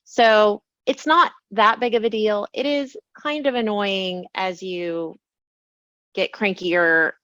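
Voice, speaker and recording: A woman's voice: medium pitch, slow pace, fairly bright tone, no room sound, dull audio. A woman who is a podcast guest, talking in an earnest, chatty way. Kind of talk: casual conversation.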